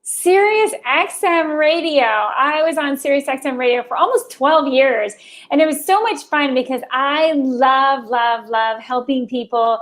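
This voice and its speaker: A bubbly woman guest talks in a high, bright-sounding voice, full of exclamations. Her speech is casual and upbeat in an interview chat. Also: a little slow. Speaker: guest, former radio host.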